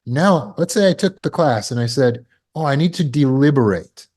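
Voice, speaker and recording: A man's voice: medium pitch, animated, normal speed, a little mellow, breathy edge. Earnest man teaching trauma recovery. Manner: earnest, acts out scenes with bursts of alarm. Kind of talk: teaching talk with acted examples. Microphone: video call.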